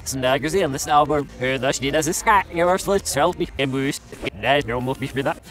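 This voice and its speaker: A man in excited gaming chatter, firing off quick shouty callouts while he plays. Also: mid-range voice.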